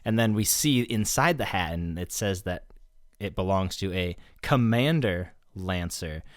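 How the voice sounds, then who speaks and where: A man's voice: low voice, expressive, unhurried, dry recording, clean studio sound. A male podcast host recapping an episode in casual chat, swearing, laughing often and acting out the characters' lines.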